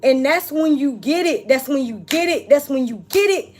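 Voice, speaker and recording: A woman's voice: sits high, lively intonation, moderate pace, a little mellow. A woman giving an emotional spiritual tarot reading, talking casually and emphatically to her viewers. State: tearful, on the verge of crying. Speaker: tarot reader.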